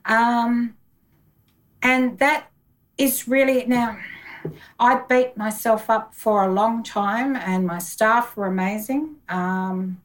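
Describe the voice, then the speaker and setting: A woman's voice: on the high side, slow pace, distant mic, rough recording. A woman, a bookkeeper, telling her story in a conversational interview, acting out her own past dialogue.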